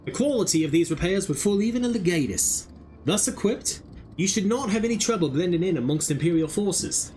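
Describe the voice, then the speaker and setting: A man voicing a smooth, courtly male merchant with formal old-fashioned phrasing. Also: sits high, expressive, a little fast, a little mellow, a little hiss or hum, pitched above the performer's own voice.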